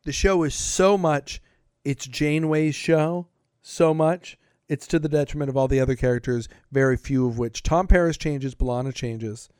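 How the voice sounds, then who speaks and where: A man co-hosting a podcast, talking casually in an animated, rambling way with some swearing. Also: on the high side, moderate pace, clear, resonant tone, no room sound, studio quality. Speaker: podcast co-host. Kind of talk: casual chat about a TV show.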